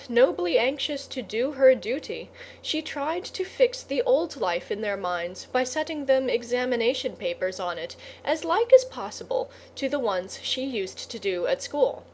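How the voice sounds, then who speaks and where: Slow, gently wry woman storyteller. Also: a little high, slight background noise. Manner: measured, gently wry storytelling with asides to the listener. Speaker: audiobook narrator. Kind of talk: storybook narration.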